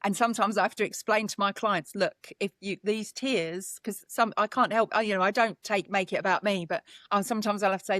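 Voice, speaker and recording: A woman's voice: mid-range voice, steady tone, fairly quick, fairly bright tone, dry recording. A British woman, a psychic medium guest, speaking earnestly and with feeling in a conversational interview, often restarting her sentences. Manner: earnest, emotional, talks with many restarts.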